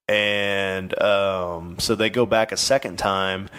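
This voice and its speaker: A man with a very low, deep voice retells a haunting on a podcast. He talks loosely, stumbling over fillers and restarts, and swears casually as he goes. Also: moderate pace, hardly any pauses, a bit bright, clear, resonant tone. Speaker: podcast host. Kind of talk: casual storytelling podcast chat.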